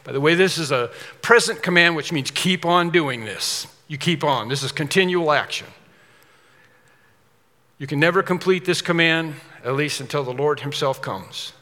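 A male pastor preaches in a church sanctuary. His voice is bright, forceful and slightly high, and he drives his point home by repeating key words. A long hall reverb trails after every phrase. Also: normal speed. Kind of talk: expository sermon.

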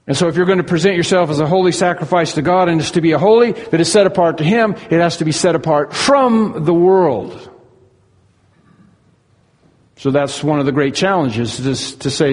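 A man preaching an earnest expository sermon, slowing down to stress key words. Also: fairly high pitch, darkish tone, long reverb tail.

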